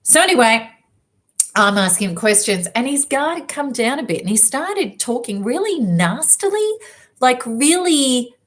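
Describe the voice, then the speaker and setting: Lively woman with a high voice. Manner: lively, emphatic, quick asides. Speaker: self-help speaker. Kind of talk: storytelling talk to an audience.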